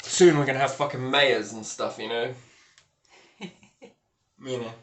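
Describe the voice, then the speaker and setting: A man talking to camera in a casual vlog, rambling and swinging between low mutters and loud, excited exclamations. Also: a little slow, echoey room. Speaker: vlogger.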